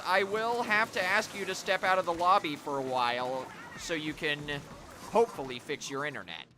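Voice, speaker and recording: A young male streamer talks through his game while chatting with viewers. His voice sits a little high and jumps around a lot in pitch. Clear background noise runs under the talk. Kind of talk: live gameplay commentary.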